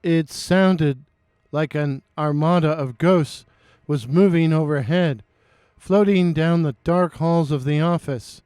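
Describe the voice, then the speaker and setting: A man narrating a first-person horror story in a dramatic, halting way, with nervous restarts. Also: a little high, a little mellow, smooth, dry recording, studio quality.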